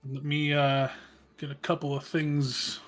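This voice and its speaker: Slow, hesitant male game master. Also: fairly high pitch, flat delivery, a bit bright, faint music behind. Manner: unhurried, with many ums and pauses. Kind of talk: running a tabletop game over voice chat.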